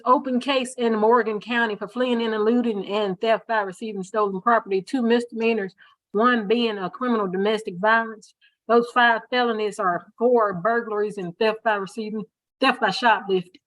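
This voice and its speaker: A woman pretrial services officer reading out a defendant's record in court, in a steady listing manner. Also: on the high side, poor audio. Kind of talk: reading a criminal history report.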